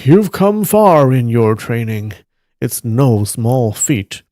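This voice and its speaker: A man voicing a kindly, calm elderly master who speaks softly and gently. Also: a little high, a little slow, creaky, no room sound, pitched above the performer's own voice. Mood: gentle. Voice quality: soft, gentle.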